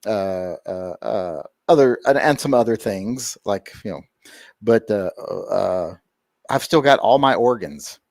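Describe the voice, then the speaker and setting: A man hosts a casual livestream, cracking jokes and rambling through viewer messages with plenty of uhs. His pitch swings widely and lively. The sound is dry and close. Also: a little slow, no room sound. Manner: joking, rambling with many fillers. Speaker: livestream host. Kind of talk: casual livestream chat reading super chats.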